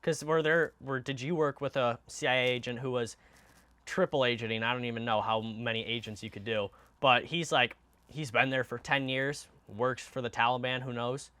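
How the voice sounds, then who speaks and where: Young guy host, bright tense voice, dry close mic, keeps asking stuff. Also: medium pitch, fairly even intonation, normal speed, no room sound. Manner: curious, eager questioning with frequent reactions. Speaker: podcast host. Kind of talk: casual interview questions.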